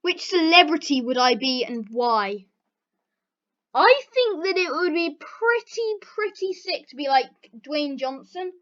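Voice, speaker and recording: A woman with a high, bright-pitched voice chats her way through a list of questions, relaxed and offhand. The audio is a little dull and lo-fi. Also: measured pace. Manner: chatty, answering questions aloud. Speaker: vlogger. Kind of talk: casual Q&A chat.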